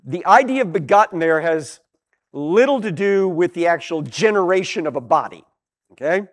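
Animated high-voiced male Bible teacher. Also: normal speed.

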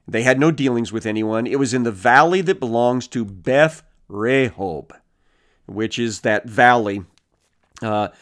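A man teaching through a Bible passage, reading verses aloud and retelling them in casual, animated everyday speech. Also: medium pitch, unhurried. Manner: reads verses, then paraphrases casually with animated character voices.

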